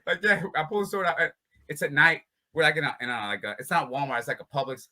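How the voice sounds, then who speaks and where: A man with a very bright, sharp-edged voice spins loose, casual stories as a fighter on an interview show. He keeps slipping into laughter while he talks. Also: fairly high pitch, animated, quick pace. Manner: laughs often while talking. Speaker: bare-knuckle fighter, interview guest. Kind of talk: casual storytelling.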